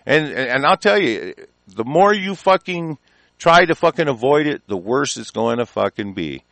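A man's voice: mid-range voice, very animated, normal speed, gravelly, fairly bright tone, dry recording. Profane, combative man ranting angrily. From United States. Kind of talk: angry political rant.

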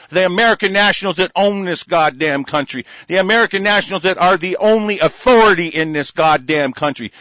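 A man's voice: high-pitched, no echo, highs cut off. A man delivering an angry, profane political rant, hurling insults. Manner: furious, profane, shouting insults.

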